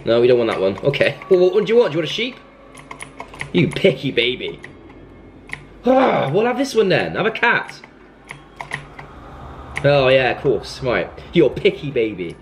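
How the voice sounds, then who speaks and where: A man's voice: medium pitch, huge pitch swings, normal speed, pauses often, slight background noise. A young man commenting on a horror game as he plays, scolding and panicking in turn. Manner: jumpy, panicky outbursts, scolding the game baby. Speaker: gaming YouTuber.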